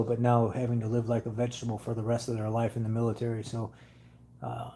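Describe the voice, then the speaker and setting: A man with a dark, mellow voice chats casually with his viewers. He rambles earnestly through his stories, stopping often on "uh" and "um" as he gathers his thoughts. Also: mid-range voice, creaky, a little hiss or hum, poor audio. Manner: rambling, hesitant, with many fillers; earnest storytelling. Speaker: car channel host.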